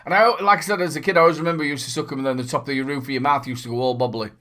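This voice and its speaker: A man's voice: on the high side, steady tone, very fast, bright, forceful tone. A man hosting a casual review vlog. He talks in a chatty, upbeat, rambling way and adds playful asides. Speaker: vape reviewer and channel host.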